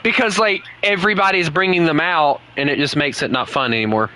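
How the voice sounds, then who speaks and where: A man's voice: fairly high pitch, brisk, bright, forceful tone, slight background noise, poor audio. A man, chatting casually with teammates and chat while streaming a game, laughing often. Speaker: gaming streamer. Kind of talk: casual live gameplay chat.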